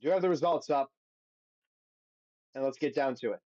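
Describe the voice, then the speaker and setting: A man's voice: medium pitch, moderate pace, darkish tone, dry recording. Give me a man doing a casual solo podcast recap, swearing bluntly, recorded dry and a bit muffled. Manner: reads results aloud, then gives blunt, profane opinions. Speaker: podcast host.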